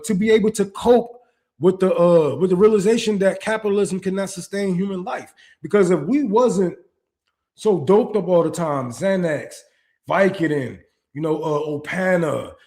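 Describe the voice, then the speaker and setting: A man's voice: high-pitched, darkish tone. A man hosting a political commentary stream, ranting with profanity and rhetorical questions. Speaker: podcast host.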